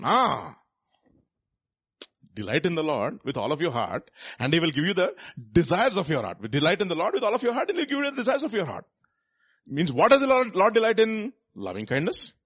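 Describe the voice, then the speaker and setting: A male preacher with a husky voice that sits a little high and swings widely in pitch. He asks the listeners emphatic rhetorical questions and reads scripture between his points, close and dry, with no room around him. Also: no room sound. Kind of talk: sermon.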